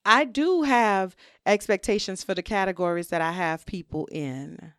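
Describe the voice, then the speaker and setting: A woman hosting a solo podcast, talking candidly and reflectively in a relaxed conversational way, often saying "you know". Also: medium pitch, normal speed, no room sound, clean studio sound. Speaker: podcast host.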